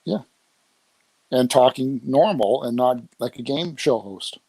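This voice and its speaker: A man's voice: medium pitch, animated, a little slow, vocal fry, dark tone, slightly rough, no echo. A man co-hosting a podcast, talking bluntly and getting defensive, with the odd swear. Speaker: podcast co-host. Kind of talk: casual chat.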